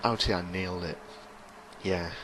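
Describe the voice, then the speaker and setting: A man's voice: low-pitched, steady tone, normal speed, a bit bright, a little hiss or hum. A man commentating over his own racing game, rambling, sarcastic and mocking himself. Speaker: gaming commentator.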